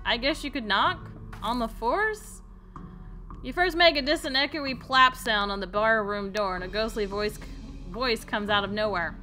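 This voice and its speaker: A woman's voice: fairly high pitch, moderate pace, sharp tone, faint music behind. A woman streamer playing a comedy western game, reading the text aloud with playful, amused asides.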